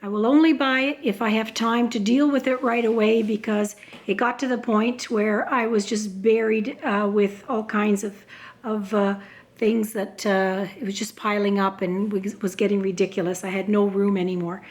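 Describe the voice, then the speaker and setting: A woman's voice: medium pitch, fairly even intonation, moderate pace. A woman who is losing her voice, chatting casually as she shows off a handmade craft journal, with lots of ums and restarts. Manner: chatty, many filler words and restarts. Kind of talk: casual show-and-tell vlog.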